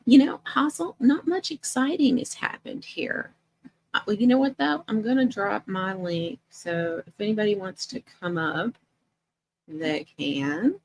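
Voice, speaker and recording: A woman's voice: mid-range voice, animated, a little slow. A middle-aged woman hosting a casual livestream chat, greeting viewers by name and laughing often as she talks. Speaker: livestream host.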